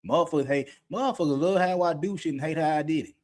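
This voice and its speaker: A fast-talking middle-aged man with a fairly high, slightly mellow voice co-hosts a podcast. He speaks candidly and off the cuff, bluntly and profanely, often laughing partway through a sentence.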